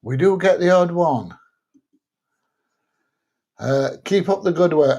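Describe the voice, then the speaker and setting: Laid-back middle-aged host, mellow voice. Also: male voice, medium pitch, slow, long pauses. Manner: chatty, laid-back, thinks aloud with fillers. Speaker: live stream host. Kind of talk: casual chat reading viewer comments.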